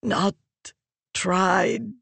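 A narrator voicing a dying ancient female Fused, croaking in slow, broken phrases for an audiobook. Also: medium pitch, steady tone, a bit bright, no room sound, voice pushed up, exaggerated voice. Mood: resigned. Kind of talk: audiobook character reading.

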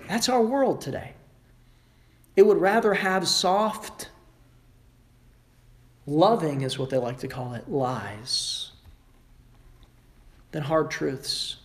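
A male pastor preaching a sermon emphatically, rising sharply in pitch and volume at his high points and mimicking other people sarcastically. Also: sing-song, takes it slowly, long pauses. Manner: emphatic preaching with wide swings in pitch and loudness; mocking voices of the world in sarcastic asides.

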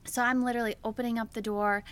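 A young woman co-hosting a podcast, telling a story in casual chat with lots of "like"s. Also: fast. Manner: animated storyteller, many "like"s, voice jumps high when retelling her yelling. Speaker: podcast co-host.

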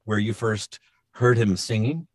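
A middle-aged man, a voice actor guest on a show, telling animated stories in casual chat and slipping into quick impressions. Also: fairly low pitch.

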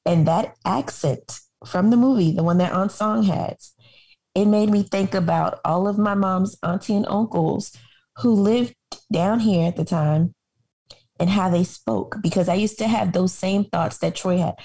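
A woman from Harlem, co-hosting a podcast in casual conversation, opinionated and quick to laugh. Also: medium pitch, dark tone. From Harlem, New York. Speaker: podcast co-host. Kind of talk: casual chat.

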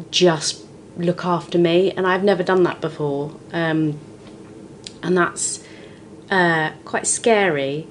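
A British comedian in her forties appears as a guest on a podcast, talking frankly about her life. Her fairly low voice carries expressive storytelling with lively swings, against slight background noise.

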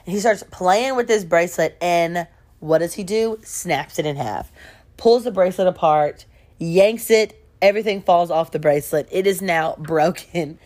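A woman telling a gossipy story in casual storytime style, animated and laughing along. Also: lowish voice, moderate pace.

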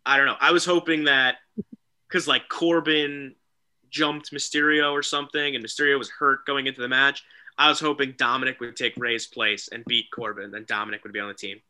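A man co-hosting a casual wrestling talk show, excitable and animated, often mimicking people. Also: mid-range voice, brisk. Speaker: podcast co-host.

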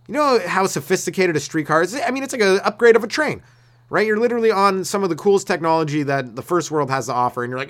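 A man's voice: high voice, expressive, fast talker, fairly bright tone. A man, a stand-up comedian ranting on his solo podcast in a meandering, laid-back way. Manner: laid-back and meandering, with restarts and acted-out voices. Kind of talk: rambling comedic rant.

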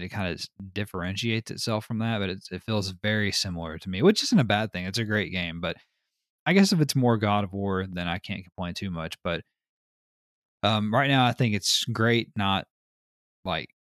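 A man hosting a podcast in casual chat, telling stories in an animated way, laughing often and swearing casually. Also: on the low side, no echo, studio quality. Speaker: podcast host.

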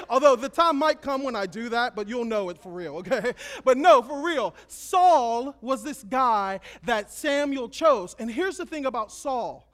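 A man preaching to young people, retelling a story in a joking, slangy, animated way. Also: very high voice, unhurried, hardly any pauses. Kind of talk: casual storytelling sermon.

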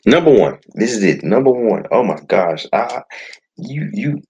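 A man's voice: on the low side, a little mellow, husky, dull audio. A man hosting a podcast, ranting in a casual, exasperated way with sighs and restarts. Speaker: podcast host. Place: home setup.

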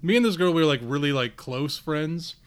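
A man's voice: on the high side, expressive, fairly quick, clean tone. A young man co-hosting a podcast, telling a personal story in casual chat, often hesitating and restarting. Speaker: podcast co-host.

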